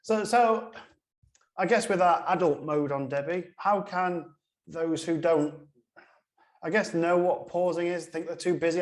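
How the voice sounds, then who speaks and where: Chatty dad host in an echoey room. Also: male voice, a little high, a little slow. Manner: chatty, laughs along. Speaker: podcast host. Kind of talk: podcast interview.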